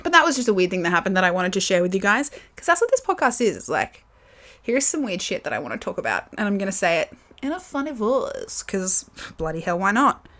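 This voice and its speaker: A woman's voice: mid-range voice, big pitch swings, fast, fairly bright tone. A young woman with an Australian accent chats alone into her camera for a podcast. She rambles candidly, piling up fillers and the odd curse as she thinks aloud. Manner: candid, chatty, lots of fillers, swearing. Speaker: podcast host. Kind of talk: casual solo podcast chat. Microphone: camera with built-in mic.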